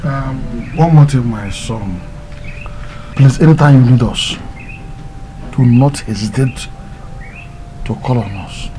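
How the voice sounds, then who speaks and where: A man's voice: medium pitch, slow, pauses often, dark tone, slight background noise, close to an everyday voice, low-quality recording. A man with a Nigerian accent playing a fatherly uncle who consoles his late brother's children. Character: caring middle-aged uncle, steady.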